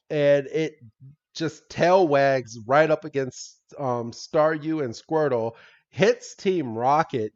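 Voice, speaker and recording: A man with a fairly high voice rambles through a cartoon recap on a podcast, peppering it with swears and quick laughs. The sound is dull and lo-fi, as if from a modest home setup. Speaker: podcast co-host. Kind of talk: casual episode recap.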